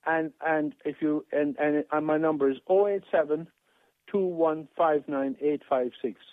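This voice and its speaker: An older man from rings in to a radio show, his voice sitting fairly high and coming through a thin, tinny phone line. He talks in an aggrieved, rambling way, circling back with many restarts and repeated words. The sound is dry and close. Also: fairly even intonation, moderate pace, no echo. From Ireland. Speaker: caller.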